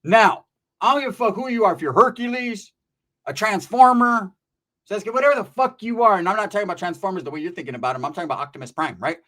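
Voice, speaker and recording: High-voiced man telling streetwise stories. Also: quick pace, sharp tone. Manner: profane, streetwise slang, lots of "right?" tags. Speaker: channel host and storyteller. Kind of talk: casual storytelling about prison life.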